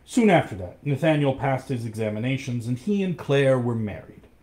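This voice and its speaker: A man reading a storybook aloud, expressive and acting out each character. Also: mid-range voice, normal speed.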